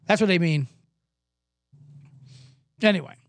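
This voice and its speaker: Rambling profane comedian, dry close sound. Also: male voice, high voice, slow pace, creaky, no room sound. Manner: rambling, profane, self-deprecating storytelling. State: recovering from a cough. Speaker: podcast host and comedian. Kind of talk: comedic casual monologue. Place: indoors, Los Angeles.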